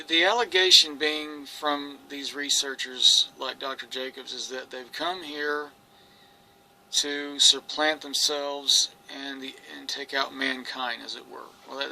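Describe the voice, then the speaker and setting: A man's voice: medium pitch, pushed and bright, a little hiss or hum, poor audio. A man telling his own story in an earnest, rambling monologue, restarting phrases and quoting others. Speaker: experiencer recounting his story. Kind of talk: personal monologue to camera.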